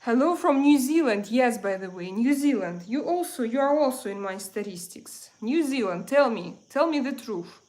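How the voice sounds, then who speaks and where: Russian lady doing a live makeup stream, kinda high voice, talks straight to chat, gets fired up fast. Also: expressive, a little mellow. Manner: chatty, reads out viewer comments, quick to get heated. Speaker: livestream host. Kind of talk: casual livestream chat with viewers.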